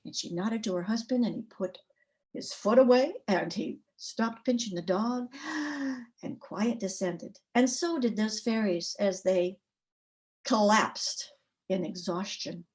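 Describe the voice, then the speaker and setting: A woman storyteller tells a folk tale with an expressive, rhythmic cadence. Her voice sits at a middle pitch, neither high nor low. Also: a little slow. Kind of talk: oral folk tale telling.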